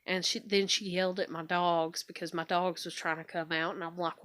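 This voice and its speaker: A woman's voice: lowish voice, level tone, a little fast, few pauses, fairly bright tone, dry recording. A young woman vlogging into her phone, venting in a frustrated, swearing, repetitive rant about home life.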